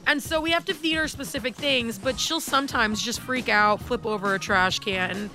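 A woman radio host telling a family story in animated casual chat, acting out the quotes. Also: on the high side, normal speed, faint music behind. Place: radio studio.

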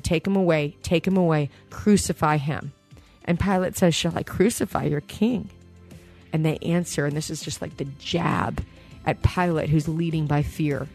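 A woman's voice: on the low side, darkish tone, no room sound, studio quality. A woman preaching a sermon, retelling scripture in a conversational storytelling way.

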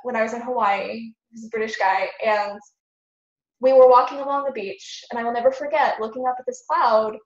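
A woman's voice: fairly high pitch, steady tone, fairly quick, reverberant, dull audio. A woman guest on a podcast, talking earnestly in a casual interview and acting out her own thoughts, sounding a little sick.

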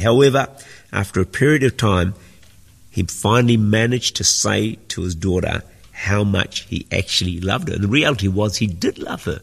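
Male pastor, sermon, gravelly husky voice, earnest teaching tone, long hall reverb. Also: lowish voice, lively intonation, normal speed. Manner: earnest, teaching with repeated phrases. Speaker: senior pastor.

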